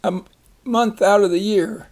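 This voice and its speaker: A man teaching a phonics lesson, slowly reading words, splitting syllables and giving example sentences. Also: sits high, fairly even intonation, noisy background. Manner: slow, deliberate, repeats each word and splits syllables.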